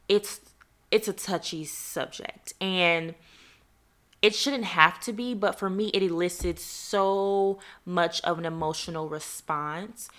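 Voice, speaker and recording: A woman's voice: on the low side, fairly bright tone. A young adult woman from the United States hosting a heartfelt faith podcast, speaking earnestly and close to tears, calling her listeners y'all. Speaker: podcast host.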